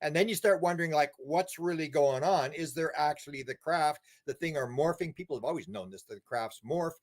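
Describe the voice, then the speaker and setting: An older man, a guest in a casual interview, telling animated stories with many restarts and repeated words. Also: on the high side, a little fast. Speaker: interview guest, UFO researcher.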